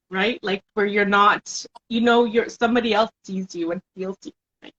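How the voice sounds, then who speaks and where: Expressive woman host, lo-fi sound. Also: medium pitch, moderate pace. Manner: emotional, laughing, expressive. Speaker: host of a live series. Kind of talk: casual interview chat.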